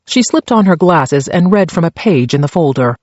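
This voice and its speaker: A man's voice: fairly high pitch, lively intonation, normal speed, a little mellow, no echo. Man narrating in a dry dull read. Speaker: audiobook narrator. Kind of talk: scripted narration.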